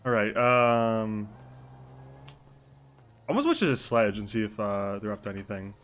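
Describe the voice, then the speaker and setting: A man's voice: lowish voice, expressive, moderate pace, pauses often, a bit bright. A young adult man streaming live, chatting casually over a game in a loose, joking way and swearing freely. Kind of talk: casual live-stream chat during game role-play.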